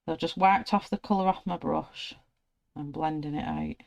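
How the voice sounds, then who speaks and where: A British woman chatting casually and telling lively anecdotes while she colours an illustration. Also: deep voice, normal speed, creaky, lo-fi sound. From United Kingdom. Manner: chatty, animated anecdotes, acts out her own panicked voice. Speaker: art channel host.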